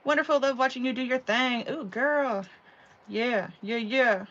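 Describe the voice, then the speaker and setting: A woman's voice: on the high side, unhurried, fairly bright tone. Chatty woman hosting a live craft stream. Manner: chatty, rambling, fills with "you know" and "like". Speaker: craft channel host. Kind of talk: casual live craft tutorial chat. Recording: slightly dull audio with faint background hum.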